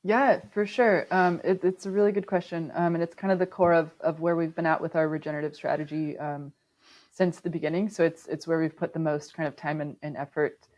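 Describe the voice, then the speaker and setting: The recording is muffled as a sustainability manager, guesting on a podcast, explains her work thoughtfully in conversation, with many ums and restarts. She speaks briskly in a low, steady, darkish voice.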